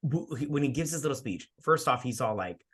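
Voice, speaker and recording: A man in the middle of a loose, boozy movie-review chat, talking at a mid pitch. He rambles and trips over his own words, then jumps into acted-out bits from the film. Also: expressive, brisk, fairly bright tone, breathy edge. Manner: rambling, repeats words, acts out scenes. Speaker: co-host of a movie review show. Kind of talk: casual chat while drinking.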